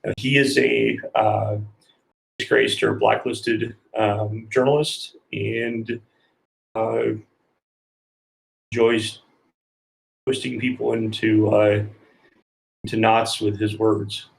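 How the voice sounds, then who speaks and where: A man's voice: on the low side, flat delivery, takes it slowly, gravelly, long pauses, rough recording. A man introducing his tabletop character as a player, wry and self-mocking, with many fillers. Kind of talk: casual chat.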